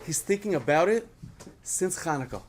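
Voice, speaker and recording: Brief: male speaker, lively lesson to kids, slightly high voice. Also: normal speed, a little hiss or hum. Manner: asks the audience questions, animated storytelling. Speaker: speaker at a children's program. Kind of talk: storytelling lesson to children.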